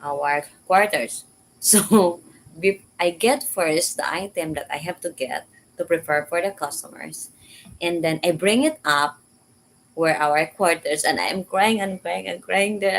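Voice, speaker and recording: Woman, casual personal story, slightly low voice, halting repetitive speech. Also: creaky, a little hiss or hum, rough recording. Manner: halting, repeats words, simple learner English.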